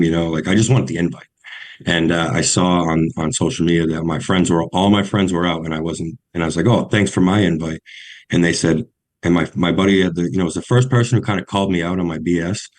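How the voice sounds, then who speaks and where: A young man with a New England accent telling his recovery story on a podcast, halting and full of restarts. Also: sits low. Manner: halting, many ums and restarts.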